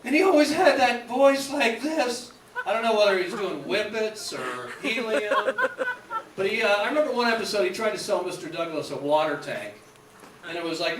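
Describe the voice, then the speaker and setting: High-voiced man doing stand-up. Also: animated, moderate pace, fairly bright tone, echoey room, recorded from a distance, slight background noise. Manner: rambling, nostalgic riffing. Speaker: radio host doing stand-up. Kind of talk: stand-up comedy. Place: comedy club stage.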